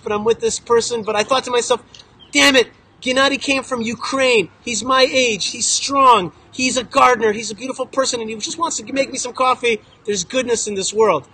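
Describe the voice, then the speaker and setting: A man stands outdoors in front of a visiting group and tells stories in an emphatic, joking way, hammering his points with repetition. His voice sits very high and has a husky edge. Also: bright, forceful tone, poor audio. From Israel. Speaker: local spokesman speaking to a visiting group. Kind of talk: animated storytelling talk to a group. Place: outdoors in a town.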